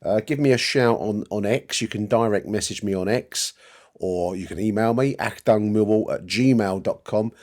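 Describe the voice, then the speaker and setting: Low-voiced rambling podcast host. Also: male voice, moderate pace, darkish tone. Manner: chatty, rambling, fond of "dear listeners". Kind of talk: casual podcast talk.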